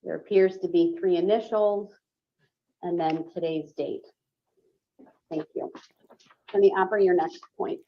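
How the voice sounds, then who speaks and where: A woman judge with a lowish voice speaks formally from the bench and keeps the hearing moving. The recording sounds muffled and dull, like courtroom feed audio. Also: fairly even intonation, a little slow, pauses often. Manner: formal, procedural. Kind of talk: courtroom proceedings.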